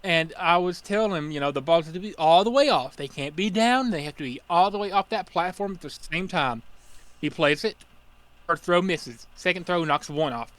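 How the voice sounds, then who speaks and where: A man's voice: a little high, animated, moderate pace, a bit bright. A man co-hosting a casual podcast, rambling through annoyed stories about running carnival games. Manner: rambling, repeats himself, annoyed storytelling. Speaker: co-host, carnival game attendant.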